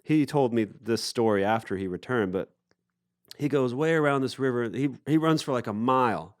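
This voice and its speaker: A man from Appalachia, a musician telling a story in a casual interview, relaxed and full of fillers. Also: medium pitch, normal speed, no echo, studio quality. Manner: relaxed anecdotal, with fillers and acted-out quotes. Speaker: musician guest. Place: festival recording booth.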